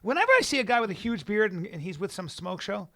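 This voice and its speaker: Middle aged guy cohosting a podcast, high voice, dry close sound, crude jokes and stumbles. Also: sing-song, fast talker, a bit bright, dry recording. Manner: crude joking, stammers and restarts. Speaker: podcast co-host. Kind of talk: casual chat. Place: podcast studio.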